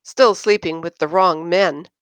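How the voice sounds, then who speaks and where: A woman's voice: on the low side, measured pace, a bit bright, clean tone, dry recording. A woman reading aloud and voicing Yin, a tough, drunk veteran female pilot who is blunt and scornful.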